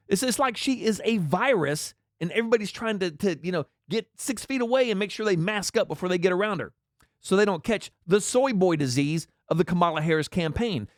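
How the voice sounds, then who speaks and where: A man's voice: high voice, dry recording, clean studio sound. A man delivering a sarcastic, mocking political commentary rant. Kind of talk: ranting commentary.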